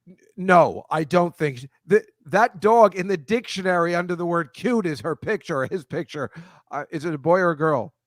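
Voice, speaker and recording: A man's voice: fairly high pitch, normal speed, dry recording, clean studio sound. Rambling, chatty male host. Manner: rambling, self-correcting, chatty. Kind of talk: casual video-call chat.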